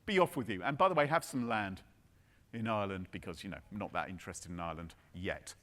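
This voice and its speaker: A man's voice: deep voice, quick pace, fairly bright tone, slight background noise, voice pushed down. A man voicing an amused, indulgent king with an airy, dismissive drawl. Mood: indulgent, offhand. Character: amused lordly male king, offhand and indulgent.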